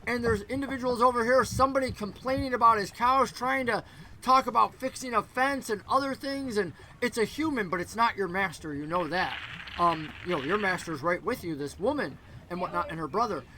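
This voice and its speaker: A male game master narrating a tabletop game with a rambling, animated delivery. His voice is high and bright, with a faint hiss behind it. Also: a little fast, rough recording.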